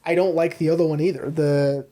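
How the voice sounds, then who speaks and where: A podcast co-host in loose, casual talk about movies at a middle pitch. The voice is emphatic and salted with swearing, often tagging sentences with "you know?" and "you know what I mean?". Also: steady tone, fairly quick, warm tone.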